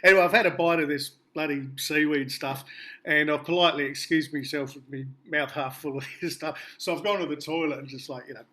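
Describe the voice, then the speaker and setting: Bright-voiced Australian man telling stories. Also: fairly high pitch, fairly even intonation, fairly quick. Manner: rambling, laughing storyteller with many fillers. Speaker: musician guest. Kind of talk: casual anecdote telling.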